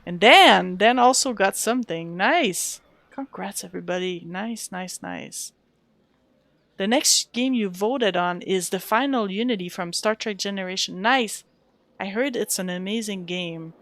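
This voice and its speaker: A woman's voice: medium pitch, moderate pace, fairly bright tone, no echo. A woman streaming a role-playing game, chatting casually and thanking her viewers. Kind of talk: casual live-stream chat while playing.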